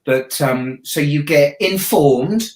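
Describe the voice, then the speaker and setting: A man from Southampton with a Hampshire accent, a watch YouTuber chatting casually as a guest, joking and laughing, often trailing off quietly. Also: fairly high pitch, takes it slowly. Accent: Hampshire English. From Southampton, England. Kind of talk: casual interview chat. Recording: echoey room.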